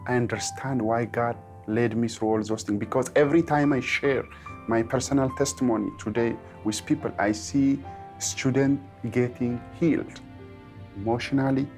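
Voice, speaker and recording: A man's voice: medium pitch, steady tone, moderate pace, darkish tone, faint music behind. A man telling his personal testimony in an earnest way, linking his sentences with "and then". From Ethiopia. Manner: earnest, strings clauses with "and then". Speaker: testimony speaker.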